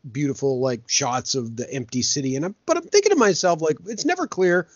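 A man's voice: a little high, lively intonation, fairly quick, no echo. A man co-hosting a movie podcast, rambling and laughing as he retells scenes. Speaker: podcast co-host. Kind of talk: casual movie podcast chat. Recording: dull, lo-fi podcast audio.

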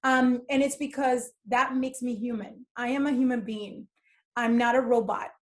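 A woman's voice: a little high, fairly even intonation, normal speed. A middle-aged woman speaking as a podcast guest, candid and emphatic as she tells stories from her working life. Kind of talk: casual conversation.

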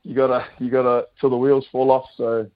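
A man's voice: mid-range voice, a little fast, lo-fi sound. A man, a rugby player chatting as a guest in an easygoing way, his voice a little worn from celebrating. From New Zealand. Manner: relaxed, laughing, says mate often. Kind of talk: casual radio chat.

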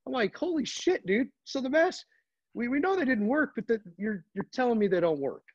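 A man's voice: very high-pitched, very animated, brisk, no echo, lo-fi sound. A man chatting casually, telling laid-back stories and acting out exchanges with store staff. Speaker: podcast guest. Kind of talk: casual chat.

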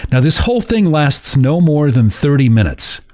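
A man's voice: a little high, very animated, normal speed, dark tone, no room sound, clean studio sound. A man hosting a podcast who recounts a story in a casual, chuckling way. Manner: chuckles while telling a story. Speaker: podcast host.

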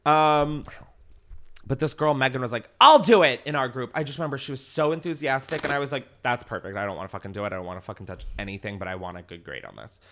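A man's voice: medium pitch, fast. A man hosting a podcast, telling stories in casual chat, swearing freely and laughing often. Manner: profane, laughing, animated storyteller. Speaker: podcast host.

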